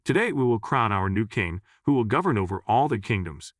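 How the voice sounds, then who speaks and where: Scheming old high priest , a low-voiced man reading him, proclaiming, mic far off. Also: very animated, brisk, dry recording, clean studio sound. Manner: proclaiming, indignant.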